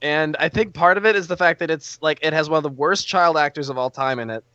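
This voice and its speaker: A man's voice: fairly high pitch, fast talker, bright, forceful tone, no echo. Man, podcast co-host, enthusiastic, full of fillers, dull dry recording. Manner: enthusiastic, filler-heavy storytelling. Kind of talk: casual chat.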